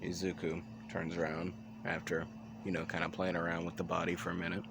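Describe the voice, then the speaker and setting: A man's voice: low voice, completely flat delivery, fairly quick, gravelly, background noise. A man telling an improvised fan story in a casual, rambling way, with restarts and side remarks.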